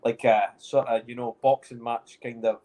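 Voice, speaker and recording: A man's voice: medium pitch, little pitch movement, moderate pace, warm tone. A Scottish man hosting a casual podcast chat, teasing his co-host with banter. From Scotland.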